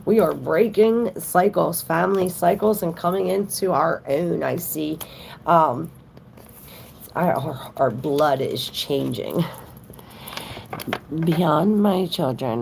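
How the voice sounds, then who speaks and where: A woman's voice: sits low, slow, creaky, long pauses, noisy background. A woman giving a casual tarot reading on a livestream, chatting straight to her viewers with plenty of fillers.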